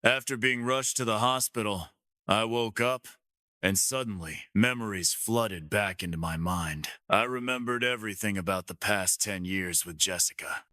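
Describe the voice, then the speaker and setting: A man with a lowish, bright voice tells a love story in the first person. His steady reading sits dry and close to the mic. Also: moderate pace, no room sound. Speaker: narrator. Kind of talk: first-person audiobook narration.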